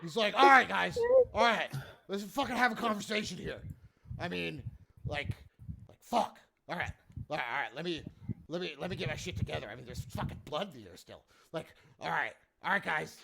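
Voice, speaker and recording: A man's voice: on the high side, expressive, a little fast, creaky, noisy background. A man voicing a laid-back, foul-mouthed male bugbear who swears constantly while scolding people. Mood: calming.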